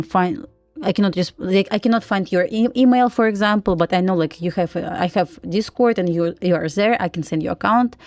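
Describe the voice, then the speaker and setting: A woman's voice: mid-range voice, darkish tone, no room sound. Female streamer with a Russian accent, loose and chatty, dry mic, light music bed. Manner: chatty, frequent laughs and "like" fillers. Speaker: live-streaming day trader. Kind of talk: casual live-stream chat.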